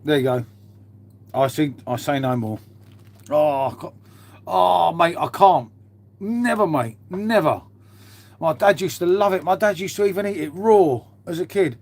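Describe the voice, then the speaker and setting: A man's voice: a little high, lively intonation, a little slow, pauses often, darkish tone. A man chatting casually on a live stream from a half-converted garage at home, rambling, swearing now and then and calling everyone mate. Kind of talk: casual live-stream chat reading viewer comments.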